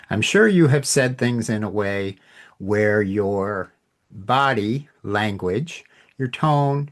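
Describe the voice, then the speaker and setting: A man hosting a communication podcast, giving an informal lesson in a reflective, emphatic way. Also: on the low side. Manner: reflective, emphatic, acts out tones in examples. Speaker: podcast host teaching communication.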